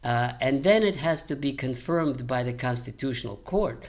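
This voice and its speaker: An older man, a retired historian, giving unscripted commentary in a measured lecturing manner with frequent hesitations. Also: mid-range voice, lively intonation. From American. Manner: measured, many "uh" fillers, lecturing.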